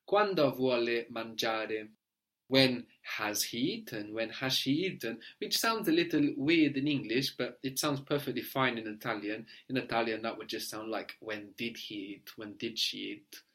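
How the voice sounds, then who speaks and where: Male tutor with a mid-pitched voice, patient and prompting, spells words out letter by letter, checks in with "no?". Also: normal speed, a bit bright. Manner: often ends with a checking "no?". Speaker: language teacher. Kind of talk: guided language lesson.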